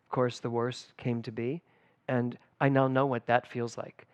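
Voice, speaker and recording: A middle-aged man, a spiritual director, giving a conversational sermon at a church service, telling personal stories with lively emphasis. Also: mid-range voice, unhurried, smooth, dry recording, lo-fi sound. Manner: animated and personal, storytelling with emphatic swings.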